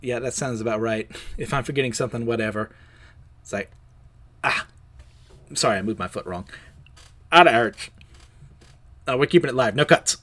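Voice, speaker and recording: A man's voice: mid-range voice, moderate pace, long pauses, fairly bright tone. A man chatting loosely through his thoughts on a comic, full of restarts and filler words. He laughs at his own slips and keeps things casual and unscripted, in an ordinary mid-range voice. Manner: rambling, laughs at himself, many fillers. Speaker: host of a comics review show. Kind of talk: casual review chat, recounting a comic.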